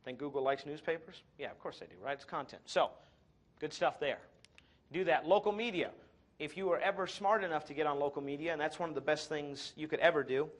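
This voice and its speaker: Man, slightly high voice, energetic, sarcastic, self-mocking, seminar presenter. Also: a little fast. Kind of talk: live marketing talk to an audience.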